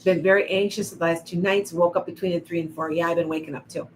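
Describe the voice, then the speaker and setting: A woman's voice: lowish voice, steady tone, fast talker, slight background noise, low-quality recording. A woman doing psychic readings on a livestream, chatting to viewers by name with frequent restarts. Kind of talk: live-stream reading and chat.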